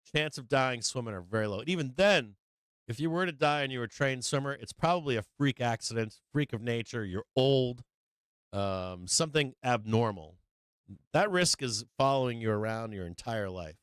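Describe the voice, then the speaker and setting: A man's voice: mid-range voice, animated, normal speed, smooth, dry recording, studio quality. Swearing middle-aged man ranting on stream. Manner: profane ranting, lots of swearing and laughter. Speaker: livestream stock trading host. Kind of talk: casual livestream chat.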